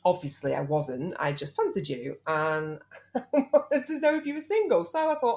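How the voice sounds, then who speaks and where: Low-voiced British woman hosting a podcast. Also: lively intonation, normal speed, a little mellow. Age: 30s. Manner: chatty and teasing. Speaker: podcast host. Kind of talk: casual chat.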